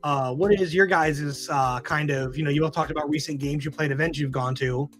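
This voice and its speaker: A man's voice: on the high side, fairly even intonation, fairly quick, a bit bright, soft background music. A man hosting a casual podcast chat, telling rambling self-mocking stories full of fillers. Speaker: podcast host.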